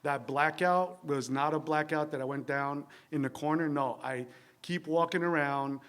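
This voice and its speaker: A man's voice: a little high, fairly even intonation, normal speed, a bit bright, smooth. A man from New Jersey candidly sharing his recovery story at a meeting, rambling with wry, self-deprecating humor. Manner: rambling with fillers and tag questions. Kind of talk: recovery meeting share, conversational monologue. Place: church meeting room.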